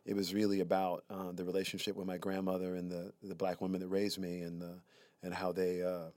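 A man's voice: low voice, a little fast, no room sound. A man from Alabama, a podcast guest telling personal stories and acting out the people in them. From Alabama, USA. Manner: animated storyteller who slips into acted voices. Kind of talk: storytelling interview conversation.

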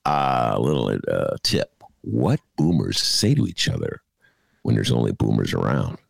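A gravelly older man riffs on the news with big swoops in his voice, jokey and full of asides. He sounds close and dry, with no room around him. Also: extremely low pitch, moderate pace, no echo. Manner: jokey and animated, riffing with asides. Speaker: podcast co-host. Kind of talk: casual political commentary.

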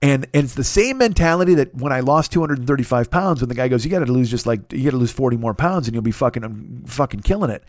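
A man's voice: mid-range voice, animated, quick pace, hardly any pauses, darkish tone, dry recording, studio quality. A middle-aged man hosting his own podcast, talking alone in a rambling, profane, self-deprecating way. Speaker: podcast host. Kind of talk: solo podcast monologue.

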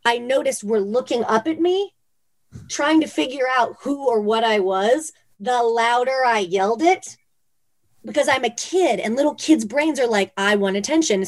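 Woman, from Phoenix, interview guest, casual storytelling, chatty, filler-heavy. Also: fairly high pitch. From Phoenix, Arizona. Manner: chatty, many "like" and "you know" fillers, animated retellings.

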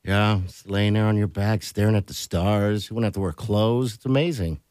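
A man hosting a morning radio show, rambling playfully through casual banter and slowing down when he muses. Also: fairly low pitch, a little mellow, dry recording, clean studio sound. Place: radio studio.

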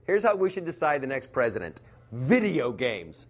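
A middle-aged man performing a stand-up comedy set, animated and mocking, slipping into quick impressions. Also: medium pitch.

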